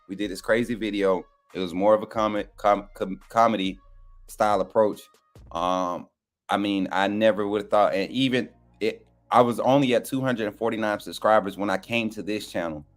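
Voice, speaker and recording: A relaxed young man with a fairly low voice chats easily to his audience on a live stream. His talk is loose and friendly, full of asides to the viewers. Faint music plays behind him. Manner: relaxed, folksy, addresses viewers as y'all. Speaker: co-panelist on a sports show. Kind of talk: casual live stream chat.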